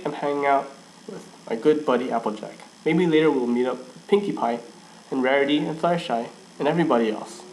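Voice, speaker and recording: A man's voice: mid-range voice, slight background noise, rough recording. A man reading a first-person fan story aloud, often stumbling and restarting lines and laughing at his own slips. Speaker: fan fiction reader.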